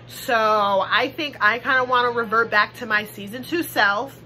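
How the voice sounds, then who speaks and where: A woman's voice: fairly high pitch, sharp tone, slight background noise, poor audio. A woman giving a blunt, gossipy confessional with plenty of swearing, as a player in a fan-made reality game roleplay. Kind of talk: confessional monologue.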